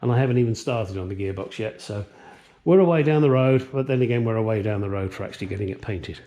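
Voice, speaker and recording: A man's voice: fairly low pitch, fast talker, warm tone. A man hosting a car restoration vlog, chatting casually in a home garage, rambling and joking as he goes. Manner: rambling and jokey, swears freely. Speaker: channel host restoring a classic car. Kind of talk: casual workshop vlog chat.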